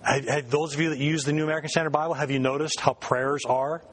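A man leads a casual Bible class, speaking in a fairly high, chatty voice. He fires questions at the group and backtracks mid-sentence. A faint hum of the room sits underneath. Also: steady tone, fast talker, fairly bright tone. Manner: conversational, questions the group, self-correcting. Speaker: Bible study teacher. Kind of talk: informal Bible class teaching.

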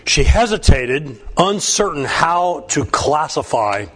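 A man reading a humorous first-person story aloud, wry and even. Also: a little high, slow pace. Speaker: narrator.

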